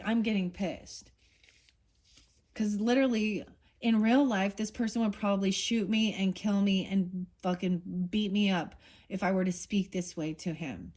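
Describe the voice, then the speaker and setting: A woman with a mid-range, slightly mellow voice speaks at a normal pace as she gives a casual tarot reading. She talks bluntly and gets heated, swearing and restarting her sentences many times.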